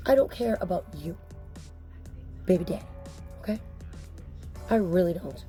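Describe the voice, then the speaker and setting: A woman's voice: lowish voice, moderate pace, warm tone, soft background music. A woman talking to camera as a mother speaking out, upset, insistent and blunt, with occasional swearing. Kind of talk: emotional personal vlog.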